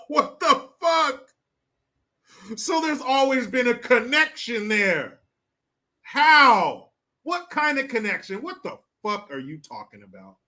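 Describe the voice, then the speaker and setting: Bright-voiced mocking male streamer. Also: extremely high pitch, sing-song, slow. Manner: crude, mocking, laughs often. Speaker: streamer host. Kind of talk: casual political commentary.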